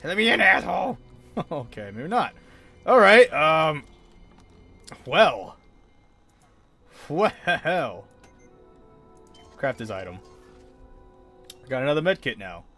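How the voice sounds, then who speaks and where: A man's voice: on the high side, sing-song, takes it slowly, long pauses, pushed and bright, faint music behind. A young man streaming a horror game, yelping and laughing nervously as he plays. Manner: jumpy, yelps and nervous laughter. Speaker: gaming streamer. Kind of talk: horror let's play commentary.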